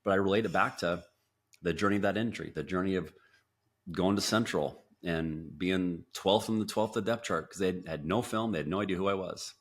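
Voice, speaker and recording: Man, very low voice, animated storyteller, restarts often, acts out quotes. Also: a little fast, slightly rough. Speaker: podcast guest. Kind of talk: storytelling interview.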